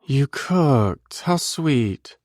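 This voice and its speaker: A man's voice: mid-range voice, big pitch swings, measured pace, darkish tone, breathy edge, no echo, studio quality, pitched above the performer's own voice. A man voicing a tired, guarded young woman who owns a bakery, speaking in a raised, wary voice.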